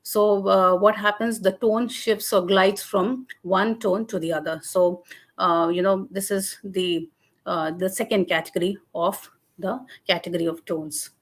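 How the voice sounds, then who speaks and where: A woman giving an academic webinar lecture over a video call, explaining slowly and often hesitating with fillers and restarts. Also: medium pitch, fairly even intonation.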